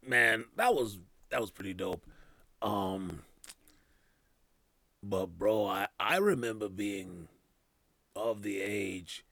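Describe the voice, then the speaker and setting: A man's voice: on the low side, slow pace, vocal fry, long pauses, a bit bright, no room sound. A man hosting a casual podcast, rambling with loose slang, trailing off and restarting his thoughts. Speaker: podcast host. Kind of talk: casual chat.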